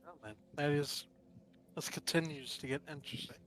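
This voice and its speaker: A man's voice: on the high side, steady tone, normal speed, fairly bright tone, a little hiss or hum. A man playing a tabletop game, talking in character in a wry, dry way. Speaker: player.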